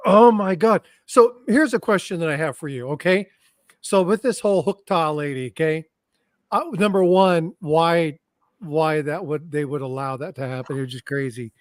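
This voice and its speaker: A man's voice: a little high, normal speed, no echo. A man hosting a casual live stream, laughing often and reading comments from the chat.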